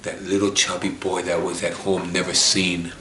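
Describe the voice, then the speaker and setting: A man's voice: low-pitched, flat delivery, normal speed, a bit bright, echoey room, a little hiss or hum. A man from Chicago telling his own life story in an earnest, emotional, repetitive way, close to tears. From Chicago, USA. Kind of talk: emotional personal monologue.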